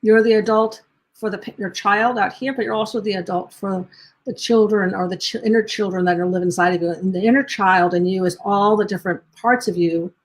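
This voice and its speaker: A parenting coach speaks to parents in a live-streamed talk, gently firing off question after question and often restarting or rephrasing mid-sentence. Her voice is mid-range and steady, at a slightly fast pace.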